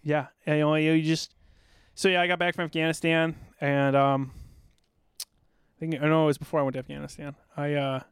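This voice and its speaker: A man's voice: fairly high pitch, level tone, brisk, smooth, dry recording, studio quality. A middle-aged man from South Dakota, a podcast guest telling stories in an intense, amped-up, blunt and profane way. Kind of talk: casual storytelling.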